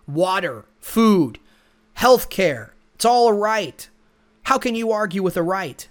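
A man's voice: high-pitched, lively intonation, slow, clear, resonant tone. A man hosting a podcast, talking alone in a blunt, lecturing, combative way. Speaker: podcast host. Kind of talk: solo opinion monologue.

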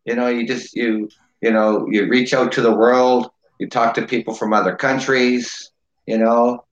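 A man's voice: medium pitch, flat delivery, normal speed, reverberant, dull audio. A man from Ontario hosting a casual podcast chat, hesitant and full of "you know". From Ontario, Canada. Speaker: podcast host.

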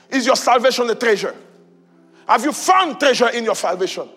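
High-voiced preacher man in a reverberant hall. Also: lively intonation, fairly quick, breathy edge. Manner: repetitive rhetorical questions, rising to shouts. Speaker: pastor. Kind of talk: sermon. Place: church hall. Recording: reverberant hall with faint music.

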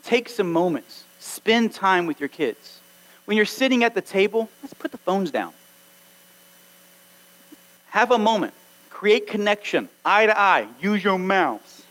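Male pastor, high voice, earnest exhorting sermon delivery in a church. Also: big pitch swings, a little slow, pauses often, a bit bright, poor audio. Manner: earnest, exhorting, acts out quoted dialogue.

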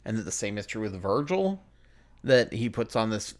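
A man's voice: lowish voice, big pitch swings, moderate pace. A man co-hosting a podcast, casually recapping movie scenes with lots of filler words. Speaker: podcast co-host. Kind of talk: casual movie review chat.

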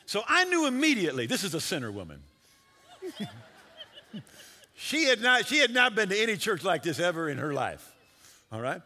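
A man preaching a sermon as a pastor, telling a story with quick shifts between loud and hushed delivery. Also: sits high, long reverb tail.

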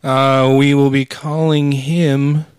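A man co-hosting a podcast in a casual chat, trading wry and sarcastic remarks. His voice is mid-pitched and dry, with no room sound around it. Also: little pitch movement, takes it slowly, clean tone, no room sound. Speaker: podcast co-host.

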